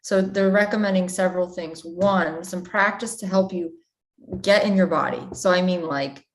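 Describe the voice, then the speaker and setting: A woman on a casual livestream answering viewer questions, thinking aloud in a relaxed way. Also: fairly low pitch, normal speed. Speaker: channeler and teacher answering questions.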